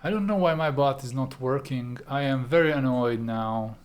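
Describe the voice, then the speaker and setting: A man's voice: mid-range voice, moderate pace, clear, resonant tone. A man hosting an art livestream, chatting casually and muttering to himself, easily annoyed. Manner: muttering, easily annoyed, talks to himself while fixing things.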